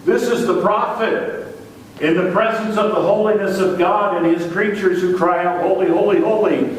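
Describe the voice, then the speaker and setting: A man's voice: high voice, fairly even intonation, moderate pace. A male pastor preaching a sermon in a church, lifting his voice on repeated words. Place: church sanctuary. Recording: echoey church hall from far off.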